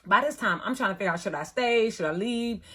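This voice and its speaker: A middle-aged woman, telling a story in a chatty, animated way, acting out the other people in it. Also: mid-range voice, fast, slightly rough. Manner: chatty, animated retelling with quoted voices. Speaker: thrift vlogger. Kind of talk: casual storytelling vlog.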